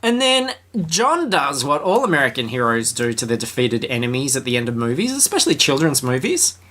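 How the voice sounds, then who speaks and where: A man's voice: medium pitch, very animated, a little fast, bright, forceful tone. A man co-hosting a podcast, reading from a book and breaking off for sarcastic, jokey asides. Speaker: podcast co-host. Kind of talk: casual podcast chat, reading a book aloud.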